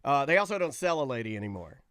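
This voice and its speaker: A man's voice: mid-range voice, fast, no echo, studio quality. Wisecracking man hosting a talk show. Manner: wisecracking, deadpan jokes. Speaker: host. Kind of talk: casual chat.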